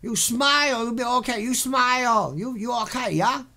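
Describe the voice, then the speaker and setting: A man's voice: very high-pitched, moderate pace, pushed and bright, full character voice. A man voicing a pushy male recruiter who lures workers off the street with broken, falsely reassuring talk. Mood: coaxing.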